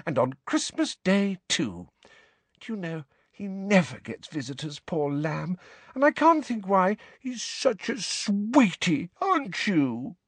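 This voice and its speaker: A man voicing a fussy, motherly middle-aged female healer who coos and speaks softly. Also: high voice, big pitch swings, slow pace, slightly rough, no echo, voice pushed up, exaggerated voice. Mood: doting. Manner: cooing, soft, fond.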